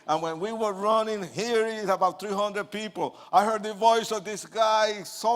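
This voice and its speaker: A man, an evangelist, telling his life story as a testimony sermon to an audience, with animated swings from hushed asides to loud outbursts. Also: high-pitched, moderate pace, few pauses.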